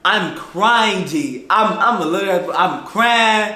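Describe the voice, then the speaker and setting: A man telling a personal story in an animated, slangy, casual way, jumping between loud outbursts and low mutters. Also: normal speed, few pauses, reverberant.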